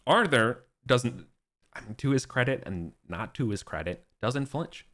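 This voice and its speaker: A man's voice: medium pitch, sing-song, unhurried, a bit bright. A young man running a tabletop game as game master, narrating loosely with plenty of fillers. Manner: loose and rambling, heavy on fillers.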